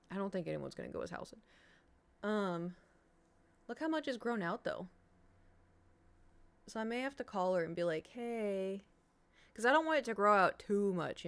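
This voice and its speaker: Rambling woman streamer chatting to viewers. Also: medium pitch. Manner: rambling, restless, swears casually. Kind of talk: casual chat to stream viewers.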